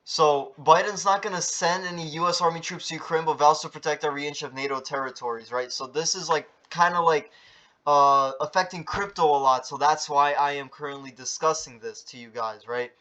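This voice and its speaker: A man's voice: a little high, a little fast, bright, forceful tone. A man vlogging a casual news update, rambling with lots of fillers, swearing and tag questions, and reading headlines aloud. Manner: rambling, filler-heavy, swears, keeps asking "right?".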